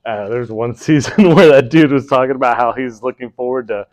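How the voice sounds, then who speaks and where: A man's voice: medium pitch, brisk, a little mellow, dry recording. A middle-aged man co-hosting a homestead channel, chatting casually and laughing easily in an interview with his wife.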